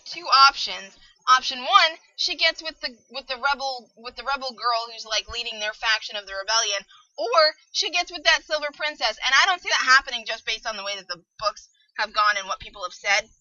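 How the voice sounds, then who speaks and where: A woman's voice: fairly high pitch, sharp tone, no room sound, highs cut off. A woman giving a casual spoken book review, chatty and profane, full of fillers. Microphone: audio-only recording.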